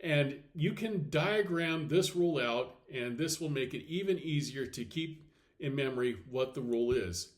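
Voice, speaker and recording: Male teacher, mid-pitched voice, explains step by step, says example words slowly. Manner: clear step-by-step explaining with frequent okays. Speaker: Latin teacher. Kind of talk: recorded slide lesson.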